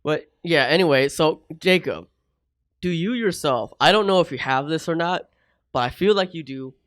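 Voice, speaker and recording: A man co-hosting a podcast in casual chat, animated and laughing often as he asks questions. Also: a little high, moderate pace, dry recording, clean studio sound. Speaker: podcast co-host.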